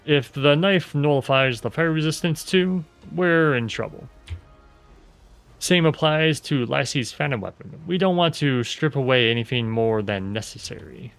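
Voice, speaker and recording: A boastful, tipsy old craftsman, as a man puts him on for a video game, with folksy turns of speech and a slow, stagey delivery. The voice has a gravelly rasp and sits a little higher than a plain speaking voice. Faint music plays behind him. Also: lightly acted. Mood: cheerful. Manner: folksy dialect, drawn-out theatrical delivery.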